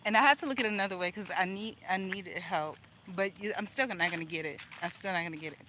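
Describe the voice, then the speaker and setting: Angry woman venting, bright forceful voice. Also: medium pitch, quick pace, slight background noise, rough recording. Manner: venting, rambling with restarts and laughs. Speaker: vlogger. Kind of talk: casual vlog monologue.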